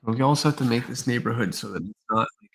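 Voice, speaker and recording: A man's voice: mid-range voice, rapid-fire, vocal fry, husky, poor audio. A man hosting a design livestream, thinking aloud with many fillers, tired and slightly losing his voice. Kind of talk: casual livestream commentary.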